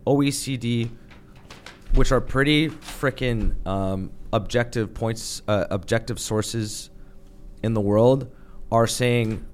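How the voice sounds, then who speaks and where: A man's voice: mid-range voice, takes it slowly. A man talking on a podcast in an emphatic, heated, ranting way. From Canada. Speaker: podcast guest or host. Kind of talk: podcast discussion.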